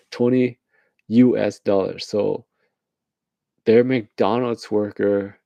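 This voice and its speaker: Gravelly low-voiced man rambling late at night. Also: steady tone, extremely slow, warm tone, no room sound. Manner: rambling, laughing at his own jokes, acting out voices. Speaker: host. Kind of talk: late-night casual rant.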